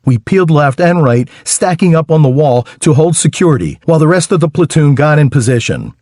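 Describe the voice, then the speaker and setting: A man narrating a first-person audiobook in a wry, lively storytelling manner with dry humor. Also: a little high, a little fast, no echo.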